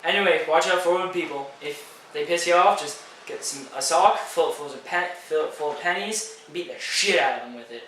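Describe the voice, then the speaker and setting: Bright-voiced teen guy, far in an echoey room. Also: on the high side, a little fast. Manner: crude, offhand. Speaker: vlogger. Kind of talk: casual chat. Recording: echoey room, mic far off, faint hiss.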